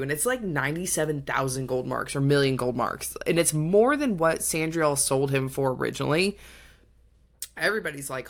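Low-voiced woman co-hosting a book podcast. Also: normal speed. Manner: animated retelling with acted quotes and swearing. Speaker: podcast co-host. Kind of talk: casual book chat.

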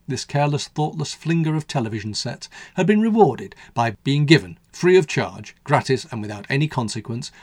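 A man from the United Kingdom, a radio host narrating a scripted story in a wry, measured way. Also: mid-range voice, no room sound, studio quality.

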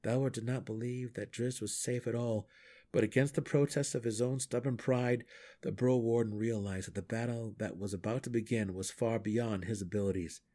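A man reading a fantasy novel aloud in steady, measured storytelling. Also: mid-range voice. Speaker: audiobook reader. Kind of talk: fan audiobook narration.

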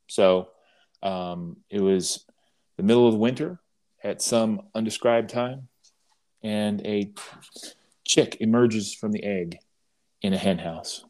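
A man co-hosting a podcast, talking in a halting way with many restarts and telling a humorous parable with dry wit. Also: lowish voice, darkish tone. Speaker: podcast co-host. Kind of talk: casual conversation and storytelling.

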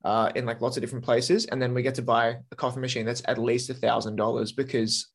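A man's voice: mid-range voice, flat delivery, slightly rough. A young man, a podcast guest chatting casually with lots of enthusiasm and swearing. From Australia. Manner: enthusiastic, swears freely, fast bursts. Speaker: podcast guest, metal musician.

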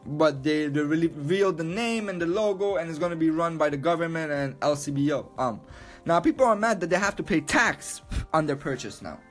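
A man ranting loudly and emphatically, swearing a lot and repeating himself. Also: fairly high pitch, lively intonation, a little fast, soft background music. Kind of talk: profane rant to camera.

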